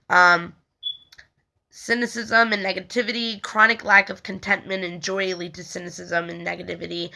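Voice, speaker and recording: A woman's voice: on the low side, creaky, pushed and bright. A young woman reading a spiritual text aloud and talking casually about it, rambling with many fillers and stumbling over words. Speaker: spiritual healing video host.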